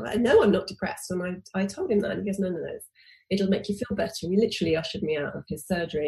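A woman in her forties tells a personal story as a guest, voice rising and falling as she plays out bits of dialogue. She talks in an everyday mid-range voice and often restarts her sentences. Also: mid-range voice. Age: 40s. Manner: animated, acts out quoted dialogue with restarts.

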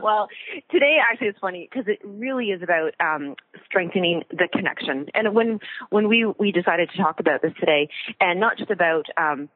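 A woman's voice: lowish voice, lively intonation, brisk, dry recording. A woman co-hosting a casual talk show, chatty, laughing often and acting out little voices. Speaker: co-host. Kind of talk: casual chat. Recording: tinny phone line.

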